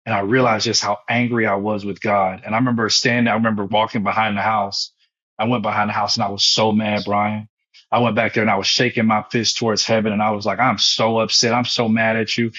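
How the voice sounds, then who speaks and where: A man's voice: on the low side, flat delivery, fast talker, fairly bright tone, muffled recording. A man in his thirties, a former pastor, telling his own story with emotion and repetition in an interview. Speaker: guest, foundation founder and former pastor.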